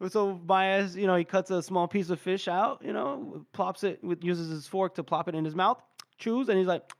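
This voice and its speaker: A man with a somewhat high voice recaps a chapter in casual podcast chat. He laughs often and slips into quick voiced quotes of the characters as he goes. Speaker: podcast co-host. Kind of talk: casual book discussion.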